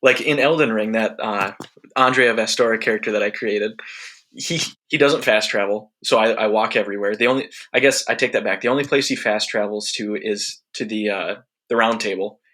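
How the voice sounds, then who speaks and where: A man talking as a guest on a podcast in a relaxed, rambling way. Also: on the low side, a little fast. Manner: relaxed, rambling, restarts his sentences. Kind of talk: casual chat.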